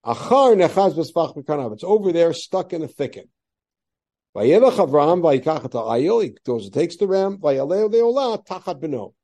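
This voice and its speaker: A man's voice: on the high side, very animated, normal speed, dark tone. A man teaching a class on a biblical text, reading Hebrew verses aloud and explaining them with rhetorical questions. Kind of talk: classroom Torah lesson.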